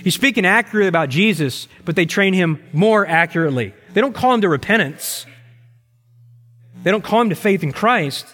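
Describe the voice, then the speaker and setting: A middle-aged male pastor preaching a sermon with emphasis, slowing down to repeat key phrases. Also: sits high, expressive, a bit bright. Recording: long reverb in a large hall.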